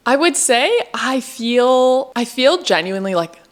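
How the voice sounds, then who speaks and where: A woman's voice: a little high, lively intonation, a little slow. A young American woman chatting casually in a vlog, upbeat and candid, with "like" in nearly every sentence. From United States. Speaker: vlogger.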